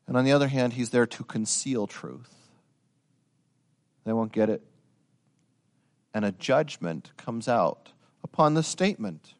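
A man preaching a sermon, swinging from quiet explanation to loud, rising dramatic passages and talking to his listeners directly. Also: mid-range voice, expressive, unhurried, long pauses. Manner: addresses listeners as guys.

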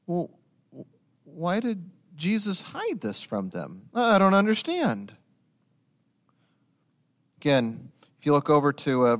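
A man preaching a sermon, swinging from quiet explanation to loud, rising dramatic passages and talking to his listeners directly. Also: medium pitch. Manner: addresses listeners as guys.

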